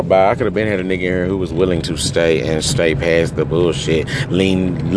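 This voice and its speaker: A man crying and ranting in anger and hurt, swinging between yelling and low muttering, recorded outdoors near traffic. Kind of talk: emotional rant to camera.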